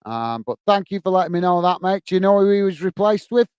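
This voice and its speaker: A working-age British man hosts a live football watch-along in British English, calling the play and chatting with viewers, reading out their comments and calling everyone mate. His high-pitched voice is expressive, fast, darkish, clear and resonant, captured on an earpiece and close mic with no room sound.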